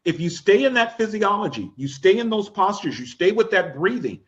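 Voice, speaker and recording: Upbeat male life coach, high voice, coaxing and repetitive; dull lo-fi recording. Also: normal speed. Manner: energetic, coaxing, repeats instructions, laughs often. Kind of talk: live-streamed coaching class.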